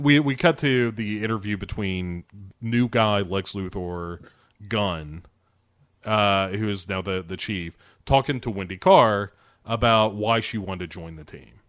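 A man's voice: fairly low pitch, takes it slowly, smooth, no room sound, studio quality. A man casually recapping a TV episode with a co-host, animatedly acting out lines, swearing and laughing. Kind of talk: casual chat.

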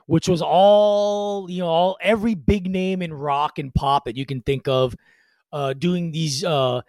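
A man's voice: fairly high pitch, fairly even intonation, measured pace, a little mellow, no echo. A man co-hosting a podcast, chatting loosely about music history with many fillers and restarts. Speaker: podcast co-host.

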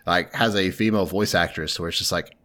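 A man in casual chat about an anime, animated and full of "like", quoting the characters in bits of voices. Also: sits low, a little fast. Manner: animated, lots of "like", jumps between his own and other voices.

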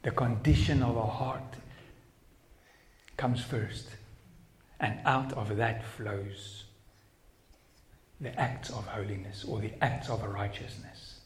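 A man's voice: fairly low pitch, fairly even intonation, takes it slowly, long pauses. Earnest Afrikaans-accented male pastor, roomy sound. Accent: South African Afrikaans. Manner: earnest, personal storytelling with frequent restarts. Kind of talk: sermon. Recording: echoey room sound.

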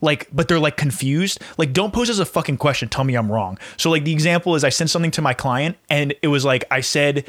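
A man's voice: on the high side, fast talker, hardly any pauses, a bit bright, no room sound, studio quality. A young man co-hosting a casual podcast, ranting animatedly, swearing freely and laughing often. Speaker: podcast co-host.

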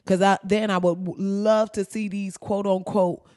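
A woman's voice: medium pitch, moderate pace, no echo, clean studio sound. Brash, profane woman podcast host. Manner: profane, animated storytelling with mimicry. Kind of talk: casual commentary.

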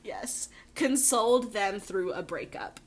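A woman co-hosting a podcast in casual chat, laughing often and filling pauses with ums. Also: medium pitch, crowd noise. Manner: giggly, lots of ums and laughs. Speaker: podcast co-host.

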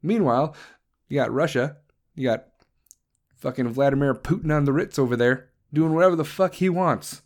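A man's voice: a little high, moderate pace. A man hosting a profane political rant, crude, heated and sarcastic. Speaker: commentator host.

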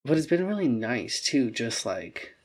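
Young woman co-host, casual chat, lively storyteller with a filthy mouth. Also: measured pace, a loud crowd. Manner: animated storytelling, swears a lot, acts out quotes in a high voice.

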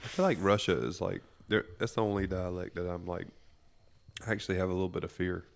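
Gravelly low-voiced man, lively talk. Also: fast. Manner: animated, swearing, laughs often. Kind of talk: casual chat.

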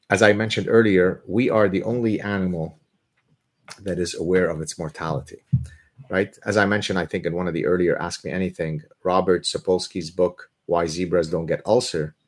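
A man hosting a live question-and-answer stream, talking in an animated, opinionated way with joking asides. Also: deep voice, moderate pace. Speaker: host answering viewer questions.

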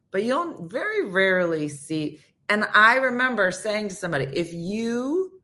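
A woman hosting a morning radio show, telling stories in casual chat and acting out the quotes as she goes, often turning to listeners by name. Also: on the low side. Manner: animated, acts out quotes in voices.

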